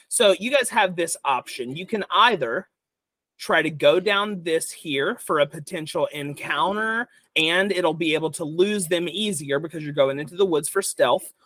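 A young man serving as dungeon master for a tabletop game lays out the options in a loose, rambling manner packed with fillers. His voice is bright and slightly high, his pace a little slow, and the sound dry and close with no echo.

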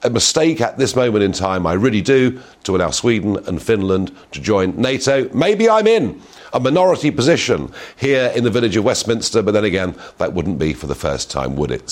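A middle-aged man hosting an opinionated talk show, asking emphatic rhetorical questions. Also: on the low side. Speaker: host.

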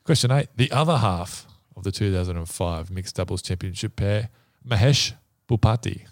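Male quiz host, gravelly low register, jokey, laughs easily. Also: moderate pace, dry recording, studio quality. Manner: laughing, matey banter. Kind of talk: casual podcast quiz.

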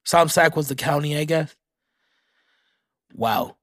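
On his casual solo podcast, a young man reads facts aloud and reacts to them with frequent swearing. His voice is a little high for a man and fairly bright, he speaks slowly, and the recording is dry and close with no echo or room sound.

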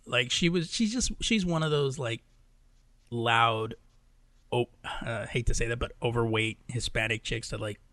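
A man's voice: medium pitch, measured pace, fairly bright tone, no room sound. A man co-hosting a podcast, telling a rambling story in casual chat, acting out the people in it and laughing along. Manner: rambling anecdote told with acted-out quotes and laughter. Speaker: podcast co-host.

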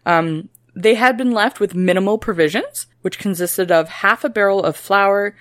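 A woman's voice: mid-range voice, normal speed, fairly bright tone, no room sound, studio quality. A woman co-hosting a casual history podcast, reading old quotes aloud and joking between passages. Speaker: podcast co-host.

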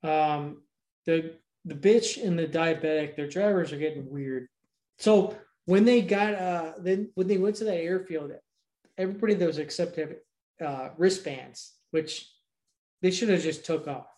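A man's voice: on the high side, unhurried, darkish tone. A man from Georgia co-hosting a casual chat, recapping a movie in a rambling, profane way. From Georgia, USA.

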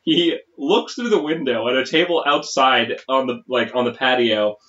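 A podcast co-host chatting casually through an episode recap, quick to agree and chime in with short replies. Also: mid-range voice, fairly bright tone. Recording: echoey room, muffled lo-fi sound.

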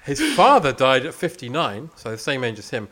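Lively, jokey male podcast host. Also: medium pitch, brisk, slight background noise. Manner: jokey, laughs often, stumbles over words. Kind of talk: casual history chat.

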